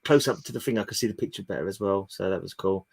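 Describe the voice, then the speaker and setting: A man's voice: low voice, fast, gravelly, a little mellow, breathy edge. Chatty man riffing on comics. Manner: chatty, jokey, restarts mid-sentence. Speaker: comic collector co-host. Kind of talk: casual chat.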